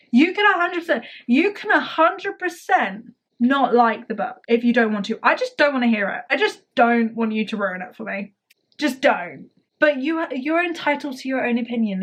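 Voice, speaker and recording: A woman chatting casually to camera as a book vlogger, gushing and rambling with lots of "like". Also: fairly high pitch.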